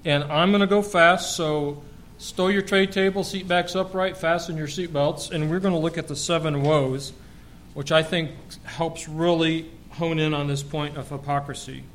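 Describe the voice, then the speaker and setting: A man delivers a sermon in a fairly high voice, reading scripture with energy and tossing questions to the congregation. His manner is lively and joking. A faint low rumble sits under the recording. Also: normal speed. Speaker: preacher.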